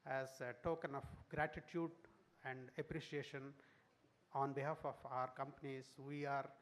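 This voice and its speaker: A man makes a formal speech at an event. He speaks haltingly, with plenty of fillers and restarts, at a middling pitch. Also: flat delivery. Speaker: sponsor giving a speech.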